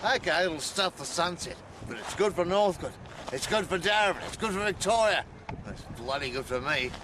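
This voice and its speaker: A crass, boastful property developer talks with an Australian accent in a fairly high voice, acted by a man. He is outdoors on a rooftop, with clear traffic noise around him. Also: expressive, fairly quick. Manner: brash, boastful, speech-making.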